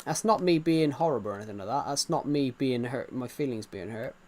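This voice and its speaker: A man's voice: medium pitch, animated, fairly quick, a little mellow. A man live-streaming a game, chatting casually and reassuring viewers, often repeating himself. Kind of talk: casual live-stream chat while gaming.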